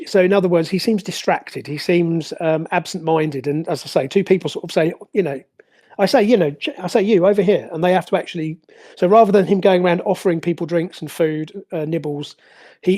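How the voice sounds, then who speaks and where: Game master running a tabletop session, lots of ums and restarts, soft mellow tone. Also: mid-range voice, fairly quick. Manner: hesitant, many fillers and restarts.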